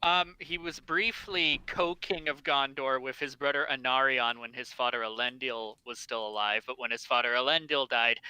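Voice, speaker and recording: A man with a very bright, smooth voice talks through lore in a relaxed livestream chat, with many fillers along the way. The sound is dry and close, as if from a desktop mic on a voice call. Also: medium pitch, no echo, poor audio. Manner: knowledgeable, explains at length with fillers. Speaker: podcast co-host.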